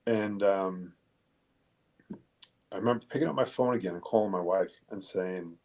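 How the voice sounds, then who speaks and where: Gravelly, low-voiced man telling his story. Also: a little mellow. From Long Island, New York. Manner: halting, profane, with many fillers and restarts. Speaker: guest, police detective. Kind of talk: casual interview storytelling.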